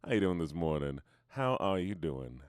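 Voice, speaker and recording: Male streamer with a put-on Southern accent, low and very lively in pitch, playful and sleepy. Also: moderate pace, smooth, no room sound, studio quality. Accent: put-on American Southern. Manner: sing-song repeated greetings to viewers; joking and drowsy. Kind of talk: casual livestream chat.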